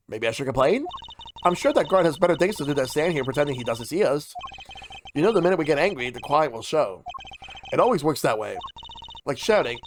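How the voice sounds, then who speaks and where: A man's voice: fairly high pitch, big pitch swings, a little fast, a little hiss or hum. A man streaming a visual novel game, reading the dialogue aloud and voicing each character, with casual asides.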